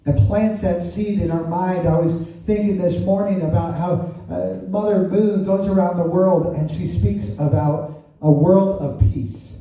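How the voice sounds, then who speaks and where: With a high but dark voice, steady in tone and a little slow, a male pastor delivers a conversational sermon. He asks rhetorical questions and often throws in "right?" The recording has an echoey, distant room quality.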